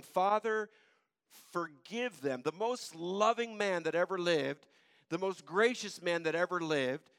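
A man preaching a sermon, retelling scripture in casual everyday words and swinging between loud urgency and quiet, low intensity. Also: clean tone, no echo, studio quality. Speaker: pastor.

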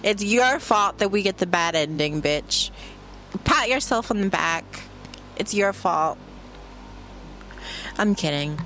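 A woman rants casually from her room, boastful and brash, teasing and cursing as she goes. Her voice sits at an everyday middle pitch. A faint hiss of noise sits under the recording. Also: lively intonation, slow pace, long pauses, fairly bright tone. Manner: brash, boastful, playful trash talk with bursts of laughter. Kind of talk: casual profane monologue.

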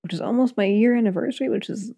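A woman hosting a podcast in a relaxed, chaotic chat, laughing often. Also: mid-range voice, fast talker, creaky, slightly rough. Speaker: podcast host. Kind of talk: casual chat.

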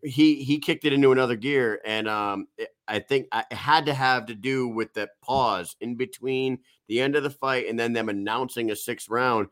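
A man hosting a casual podcast interview, halting and searching for his words. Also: mid-range voice, fairly bright tone. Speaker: podcast host.

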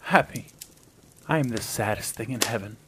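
A man voicing a young heavenly weaving maiden in a storybook reading, speaking in a low, wistful, softly pleading way. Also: normal speed, background noise, natural voice. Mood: sorrowful.

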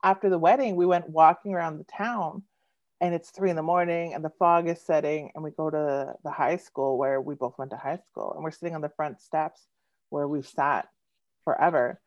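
A woman in her thirties, a poet appearing as a guest, chats on a video call, telling stories casually at a moderate pace. She's giggly and animated, laughing often, and her slightly low voice sounds dull and lo-fi in a dry room with no echo.

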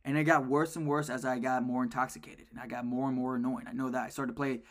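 A young man co-hosting a podcast in casual sports chat, telling stories with excited jumps in his voice. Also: fast. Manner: animated storyteller, jumps in pitch when excited. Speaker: podcast co-host.

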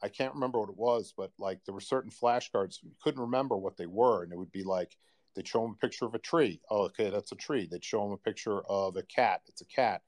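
A man with a lowish voice talks casually on a podcast. His story wanders, full of "you know" and "uh", and he speaks in an easy conversational tone. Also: fast, a little mellow. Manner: rambling storyteller, many fillers. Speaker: guest sharing a personal story.

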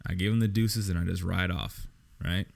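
A man's voice: sits low, moderate pace, gravelly. A man, hosting a podcast and telling a long story, full of swearing and acted-out dialogue. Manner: profane, animated storytelling with quoted dialogue. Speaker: podcast host. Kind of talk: casual storytelling monologue.

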